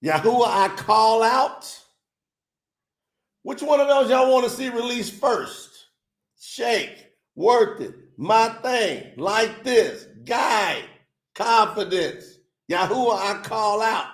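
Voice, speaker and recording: A man's voice: high-pitched, expressive, slow, roomy sound. An upbeat man hosting a casual livestream, chatting with viewers and reading their comments aloud. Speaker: livestream host.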